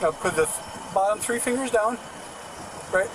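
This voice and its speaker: A man's voice: high voice, moderate pace. A man being detained at a roadside stop, talking in an agitated, insistent, argumentative way. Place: outdoors by a roadside traffic stop. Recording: noisy outdoor street bodycam audio.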